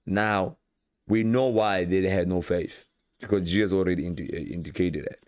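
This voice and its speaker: A man's voice: low voice, normal speed, clean tone, no room sound, studio quality. A man preaching an informal sermon, retelling Bible scenes with acted-out quotes and frequent word repeats. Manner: animated, acts out Bible scenes with quoted voices, repeats words.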